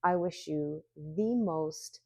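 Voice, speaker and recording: A woman's voice: deep voice, slow, creaky, darkish tone, no room sound. A woman doing a solo tarot reading, chatty and giggly, musing aloud with lots of hmms. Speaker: tarot reader.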